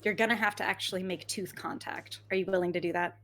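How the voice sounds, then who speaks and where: A woman's voice: on the low side, fairly even intonation, quick pace, a bit bright, faint music behind. A woman narrating as game master of a tabletop role-playing game, casual, vivid and playful.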